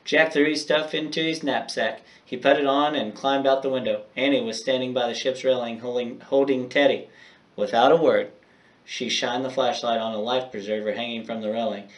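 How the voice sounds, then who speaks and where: A man's voice: medium pitch, fairly even intonation, normal speed, far from the mic. A male teacher reading a children's chapter book aloud and then recapping homework, speaking directly and encouragingly to his students.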